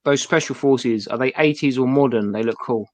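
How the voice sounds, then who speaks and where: A man's voice: medium pitch, normal speed, dry recording. An easygoing man hosts a live stream and reads viewer comments aloud between the talk. His voice sits mid-range, and the sound is dry and close. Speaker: host reading chat comments. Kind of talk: casual live stream chat.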